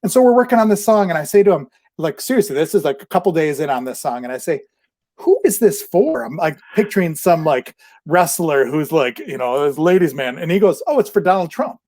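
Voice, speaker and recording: A man's voice: a little high, fast, darkish tone. A man hosting a podcast, telling a long story in a loose, rambling way, laughing often and saying "like" a lot. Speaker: podcast host. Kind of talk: casual storytelling chat.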